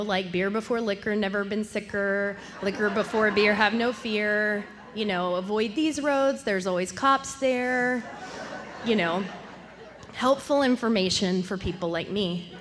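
A woman with a medium-pitched voice tells her recovery story candidly and self-deprecatingly, laughing often and acting out what others said. The recording has a long reverb tail.

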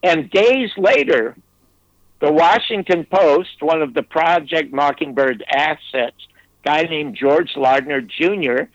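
A man's voice: fairly high pitch, dry recording. Older man telling a story, dull dry sound. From United States. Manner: emphatic, digressive, with restarts. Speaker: interview guest, former TV producer. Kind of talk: anecdotal storytelling.

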